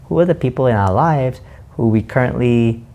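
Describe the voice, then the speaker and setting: A man hosting a reflective spoken monologue, slowly musing and asking himself questions aloud. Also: mid-range voice, gravelly, dark tone. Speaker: host.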